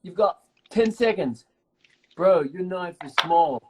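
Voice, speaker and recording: A man's voice: sits high, expressive, takes it slowly, noisy background. A man actor bantering playfully on a live video call, teasing and joking. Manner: teasing, jokey, banters freely. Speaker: actor co-hosting a live stream.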